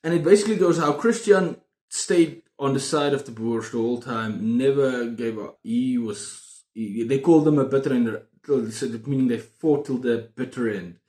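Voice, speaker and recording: A man chatting casually about books on his video channel, excitable and prone to repeating himself. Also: mid-range voice, moderate pace. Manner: excitable, repeats words and phrases. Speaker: book vlogger. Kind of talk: casual book review chat. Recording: roomy echo.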